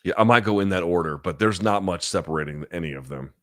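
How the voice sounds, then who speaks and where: A man's voice: deep voice, fast, dry recording, studio quality. A man in his forties hosting a live chat show, reading out viewer questions and answering bluntly, with casual profanity and a habit of thinking aloud. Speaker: host.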